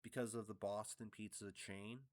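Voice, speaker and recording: A man's voice: on the low side, level tone, moderate pace, a little mellow, no room sound, studio quality. A man from Canada hosting his own vlog, talking in a blunt, provocative, jokey ramble with plenty of swearing. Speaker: vlog host. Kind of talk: casual rambling monologue. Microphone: upgraded studio mic.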